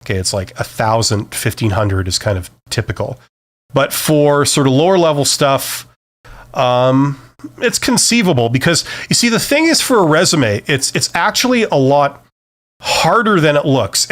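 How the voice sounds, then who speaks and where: A man's voice: medium pitch, lively intonation, normal speed. A middle-aged man hosting a live-stream Q&A, giving career advice in a loose, conversational way full of fillers and restarts. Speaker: career advice host answering viewer questions.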